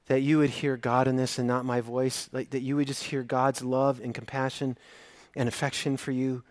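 A male pastor preaching a sermon, earnest, swinging from emphatic to hushed and intimate. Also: mid-range voice, little pitch movement, normal speed, no echo, clean studio sound.

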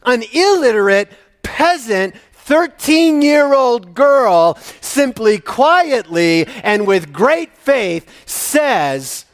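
A man from Minnesota preaching a sermon, animated and shifting between loud emphasis and quiet asides. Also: extremely high pitch, very slow, hardly any pauses. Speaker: pastor.

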